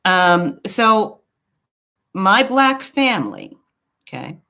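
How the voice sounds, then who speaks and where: A woman from Brooklyn telling a personal story in a casual, digressive monologue, with quick asides to the viewer. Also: medium pitch. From Brooklyn, New York. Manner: animated, swings her voice widely. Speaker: commentary channel host.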